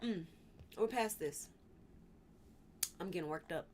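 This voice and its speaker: A woman's voice: fairly low pitch, takes it slowly, background noise. A young woman hosting a live stream, talking casually about politics and getting worked up, repeating her questions. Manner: gets worked up, repeats questions, fussing then apologizing.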